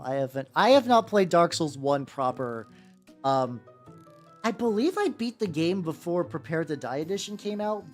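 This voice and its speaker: A man chatting casually on a live stream while painting miniatures, rambling, joking and swearing as he talks to viewers. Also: on the high side. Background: faint background music.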